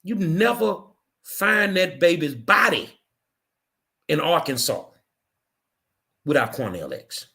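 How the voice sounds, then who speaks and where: A middle-aged man hosts his own show and rants with real anger. He hammers his points home through blunt repetition. His voice sits a little high. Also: sing-song, takes it slowly, vocal fry, pauses often, sharp tone. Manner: angry, ranting, emphatic repetition. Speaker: show host. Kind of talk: impassioned monologue.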